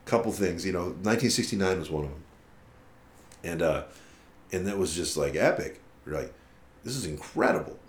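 A musician guest in a casual interview tells a long story, cursing freely and acting out what other people said in an animated, profane retelling. His voice sits low, his pace is moderate with long pauses, and the room sounds reverberant.

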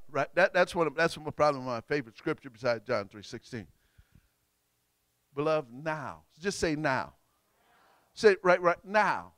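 A man preaching a call-and-response sermon, prompting the congregation and bursting into shouts. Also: fairly high pitch, lively intonation, unhurried, no room sound, studio quality.

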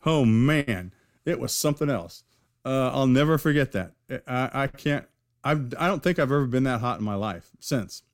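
A man's voice: mid-range voice, lively intonation, moderate pace, dry recording, clean studio sound. A man from California, a knifemaker guest, telling long rambling stories in a casual interview, full of fillers and restarts. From California, USA.

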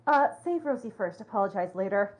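A woman voicing Jenna, a fierce and loving female husky, in a giggly, overacted comic reading of fan fiction. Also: medium pitch, lively intonation, a little fast, close to an everyday voice. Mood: melodramatic.

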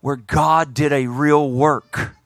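A man preaching a sermon, retelling a scripture story in lively everyday speech and often repeating his words. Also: fairly high pitch, slow pace, dry recording.

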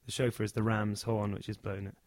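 A man's voice: lowish voice, quick pace, no room sound. Man telling a comic story, dry sound. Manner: animated, acts out the characters. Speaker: storyteller on a chat show.

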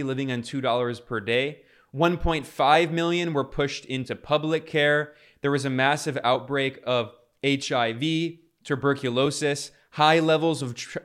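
A man's voice: fairly high pitch, fairly bright tone, clear, resonant tone. A man giving fervent political commentary, talking through clips with frequent restarts. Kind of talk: casual commentary over clips.

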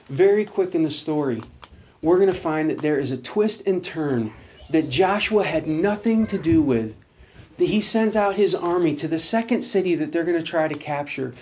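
A man's voice: fairly high pitch, darkish tone. A man preaching a sermon, explaining scripture with earnest emphasis and reading verses aloud. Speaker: pastor.

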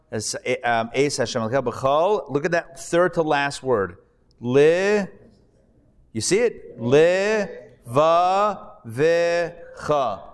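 A man's voice: on the high side, clear, resonant tone. A man, a rabbi, teaching a live Hebrew reading class, patiently drilling pronunciations with his students. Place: classroom hall with a live audience. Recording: reverberant hall recording.

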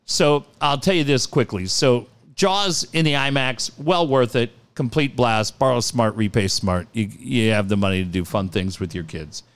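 A man's voice: medium pitch, normal speed, hardly any pauses, clear, resonant tone. A middle-aged man hosting a radio show, telling profane stories in a casual chat and acting out the quotes. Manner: animated storyteller, profane, acts out quotes. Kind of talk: casual talk radio storytelling.

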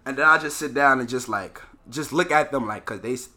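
A young man, a poet talking casually as a podcast guest, animated and swinging between loud laughing bursts and low quiet storytelling. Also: a little fast. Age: young adult. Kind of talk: casual conversation.

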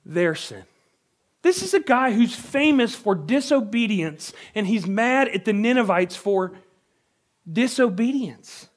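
Young male pastor, fairly high voice, earnest conversational preaching. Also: lively intonation, measured pace. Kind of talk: sermon.

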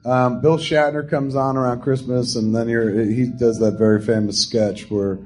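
A man hosting a live podcast, asking casual questions in a relaxed, slightly halting way. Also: mid-range voice, slight background noise. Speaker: podcast host.

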